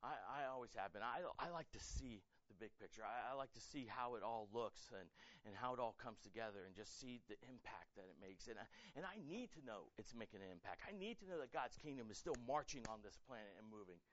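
A pastor preaching a sermon with energy, acting out quoted voices and building to loud, emphatic peaks. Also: male voice, medium pitch, lively intonation, quick pace, no room sound, muffled recording.

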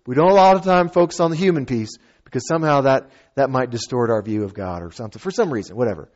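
A man preaching a sermon as a pastor, conversational and animated, with playful asides and acted-out quotes. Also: mid-range voice, quick pace, lo-fi sound.

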